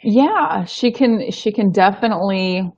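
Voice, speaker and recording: A woman's voice: medium pitch, lively intonation, measured pace, a little mellow, lo-fi sound. A woman co-hosting a casual live-stream chat, talkative and teasing, with lots of fillers. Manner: chatty and teasing, with frequent laughs and fillers. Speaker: co-host.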